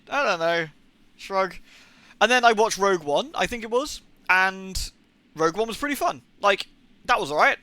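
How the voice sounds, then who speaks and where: A man's voice: high-pitched, bright, forceful tone, dry recording. A young adult man chatting casually on a live gaming stream, rambling and swearing, with rants of disbelief. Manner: rambling and profane, incredulous rants.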